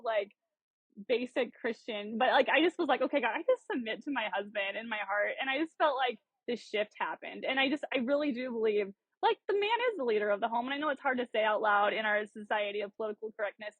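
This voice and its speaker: A woman's voice: on the high side, no room sound, dull audio. A woman in her thirties from South Dakota, a bubbly podcast guest telling her story with lots of laughs and fillers. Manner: bubbly, animated, laughs often, many "like" fillers. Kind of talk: casual storytelling interview.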